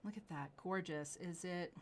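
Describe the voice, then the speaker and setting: A middle-aged woman hosting a live jewelry sales show, gushing with excitement, gasping and dropping into whispers. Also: on the low side, moderate pace, slight background noise.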